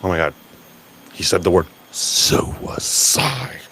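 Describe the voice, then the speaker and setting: A man's voice: low voice, fast talker, voice pushed down, natural voice. A man voicing a shocked, prudish person who gasps in whispers, as a whispered role-play. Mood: scandalized. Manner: gasping, scandalized.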